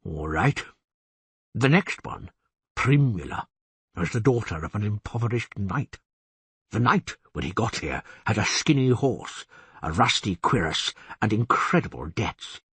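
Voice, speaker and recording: A man reading the part of a genial, boastful cursed beast-man with a husky voice, chatting wryly in an audiobook. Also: on the low side, big pitch swings, a little slow, fairly bright tone, dry recording, heavily acted. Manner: chatty, confiding, wry.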